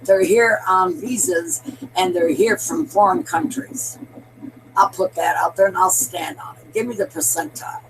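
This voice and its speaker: A woman's voice: mid-range voice, lively intonation, normal speed, noisy background. An older woman giving a rambling, emphatic political monologue, addressing listeners as her darlings. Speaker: political commentator.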